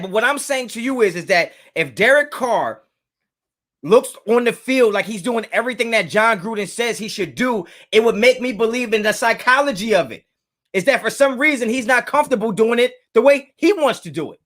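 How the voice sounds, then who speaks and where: A man's voice: extremely high pitch, expressive, normal speed, a bit bright. A young man hosting a live sports fan talk, arguing heatedly with chat and repeating himself to press a point. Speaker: sports talk show host.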